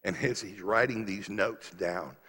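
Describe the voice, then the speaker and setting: Husky-voiced preacher in a reverberant hall. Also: male voice, lowish voice, measured pace, pushed and bright. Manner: storytelling that builds to fervent, rising preaching. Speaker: pastor. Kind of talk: sermon. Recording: long reverb of a large hall.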